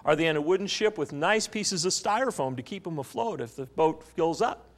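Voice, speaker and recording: A man's voice: fairly high pitch, expressive, a little fast. A man preaching a sermon, telling a story and asking the congregation questions. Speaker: pastor.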